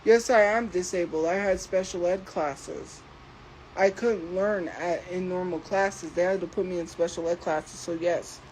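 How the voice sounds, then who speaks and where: A woman livestreamer talking slowly and deliberately as she defends herself against commenters in her chat. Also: lowish voice, steady tone, a little mellow, a little hiss or hum, low-quality recording. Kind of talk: live stream talking to chat.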